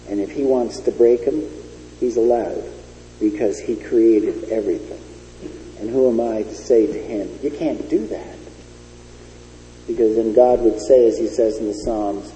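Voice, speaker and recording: A man's voice: medium pitch, warm tone, slight background noise. A man preaching a sermon with an emphatic, storytelling delivery. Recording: dull lo-fi recording in an echoey hall.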